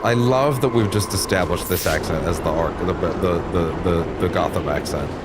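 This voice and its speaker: A man's voice: low voice, moderate pace, heavy background noise. A man streaming a video game, joking wryly and thinking aloud as he plays. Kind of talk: gameplay commentary. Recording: loud game music and sound behind.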